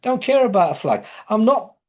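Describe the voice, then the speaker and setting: English bloke ranting, swearing loads, bit of a higher voice, gets worked up. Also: male voice, very animated, moderate pace, darkish tone. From England. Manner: swearing often, heated, rising into emphatic outbursts. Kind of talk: profane monologue rant.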